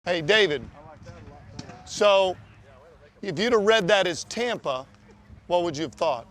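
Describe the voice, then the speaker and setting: A man's voice: high-pitched, expressive, a little slow, fairly bright tone. A man coaching football players in a film session, blunt and emphatic, swearing freely as he explains plays. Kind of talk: film-room coaching talk.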